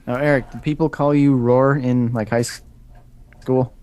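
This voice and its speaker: A man's voice: medium pitch, fairly even intonation, moderate pace, darkish tone. Young guy calling in over video chat, tells little stories, lots of ums. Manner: storytelling, thoughtful, hesitant fillers. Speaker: co-host joining by video call. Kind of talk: casual chat. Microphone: video call.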